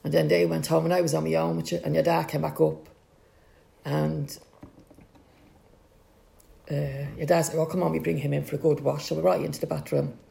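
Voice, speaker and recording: Gravelly-voiced Irish woman telling a story. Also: low voice, little pitch movement, fairly quick, long pauses, warm tone. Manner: vivid storyteller acting out quoted voices. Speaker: mother telling a family story. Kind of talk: personal storytelling in conversation.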